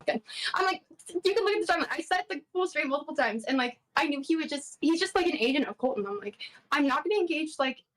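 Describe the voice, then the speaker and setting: A woman in a heated voice call who talks fast in a high voice. She sounds dismissive and exasperated. She fills nearly every sentence with "like.". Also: expressive, poor audio. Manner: dismissive, exasperated, leans heavily on "like". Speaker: streamer in a voice call. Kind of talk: casual argumentative chat.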